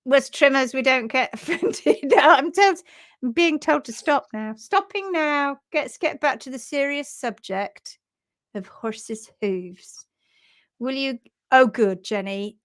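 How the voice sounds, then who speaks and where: A hoof trimmer chatting casually on a live stream, her voice slightly high. She laughs often and reads viewers' comments aloud in a playful tone. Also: slow pace.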